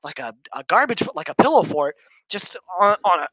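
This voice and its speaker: Animated, swearing teenage podcast host. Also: male voice, fairly high pitch, a little fast, a little hiss or hum, poor audio. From California. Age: teens. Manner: swears a lot, rambling and animated. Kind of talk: casual podcast chat.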